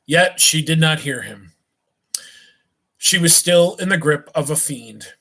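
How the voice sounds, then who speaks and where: A man reading a novel aloud on a live stream, at an unhurried pace, stumbling and restarting now and then and stopping for small asides to his listeners. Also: a little high, lively intonation, a bit bright, rough recording. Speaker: reader.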